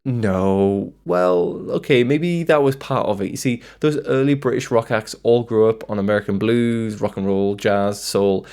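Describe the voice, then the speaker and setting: A man's voice: lowish voice, measured pace, hardly any pauses, a little mellow. A man narrating a scripted music video essay, with wry, self-deprecating asides.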